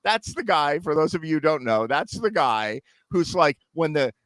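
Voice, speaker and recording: A man's voice: fairly high pitch, moderate pace, dry recording. A middle-aged man telling a long story in casual chat, acting out the voices of people in it. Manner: animated storyteller, acts out others' voices.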